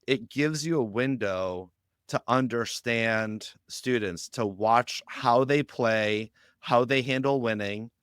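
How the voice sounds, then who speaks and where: A man speaking as a guest on a podcast interview, explaining ideas with lively anecdotes and acting out quoted lines. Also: mid-range voice, slow pace, smooth, no room sound, clean studio sound. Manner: animated storytelling, acts out quoted lines. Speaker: guest on a youth ministry podcast.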